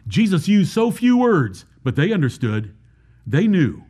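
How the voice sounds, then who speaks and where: A man's voice: high-pitched, big pitch swings, measured pace, darkish tone, breathy edge. A man preaching a Baptist sermon, asking the congregation rhetorical questions and explaining scripture verse by verse.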